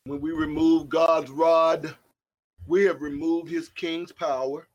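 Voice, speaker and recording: A man preaching a fiery sermon as pastor, swinging from quiet asides to shouted points. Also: on the high side, level tone, takes it slowly.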